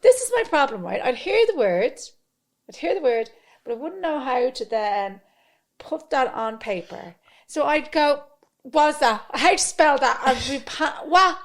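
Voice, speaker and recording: An Irish woman in her thirties, co-hosting a podcast in casual chat and telling animated, sweary stories. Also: sits high, unhurried. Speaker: podcast co-host.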